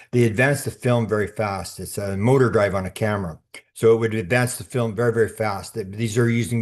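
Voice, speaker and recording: An older man, a podcast guest telling a long anecdote in a rambling way, full of restarts and repeated words. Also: fairly low pitch. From Canada. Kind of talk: storytelling in conversation.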